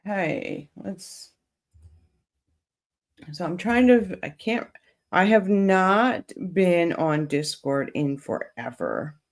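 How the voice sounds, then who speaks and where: A woman's voice: on the low side, big pitch swings, takes it slowly, pauses often. A woman hosting a true crime livestream, chatting casually with viewers and reading their comments while coming down with a cold.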